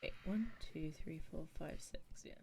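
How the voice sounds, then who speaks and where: A young woman from England chats through a live game stream at a desk mic. Her voice sits low but swings widely in pitch, chatty and quick to laugh as she answers her viewers. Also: very animated, slight background noise. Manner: chatty, reacts to chat messages, laughs often. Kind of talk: casual live-stream chat while playing.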